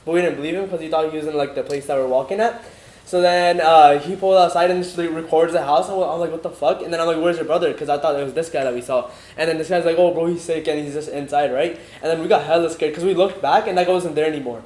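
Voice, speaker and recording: A man's voice: fairly high pitch, quick pace, a little mellow. A young man telling a scary story in casual podcast chat, rambling and slangy with lots of "bro" and "like". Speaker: podcast co-host. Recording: echoey room, faint noise.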